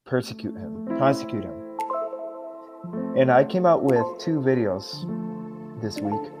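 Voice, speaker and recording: A man from Russia, a guest on a podcast, giving earnest and upset political commentary and clearing his throat now and then. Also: lowish voice.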